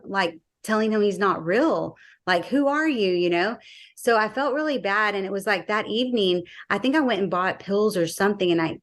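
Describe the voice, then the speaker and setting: A woman sharing her personal faith testimony in a casual interview, acting out the dialogue she recalls and using frequent fillers. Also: mid-range voice.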